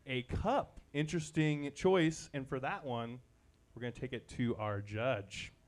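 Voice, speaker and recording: A man's voice: mid-range voice, a little slow. A man hosting a live comedy quiz show, playful and a little rambling as he loses track. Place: live event venue.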